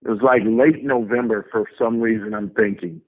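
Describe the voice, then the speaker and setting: A man's voice: mid-range voice, moderate pace. A man telling a story as a guest in an interview, talking in an emphatic way and swearing often, heard over a phone line. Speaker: guest, tour manager.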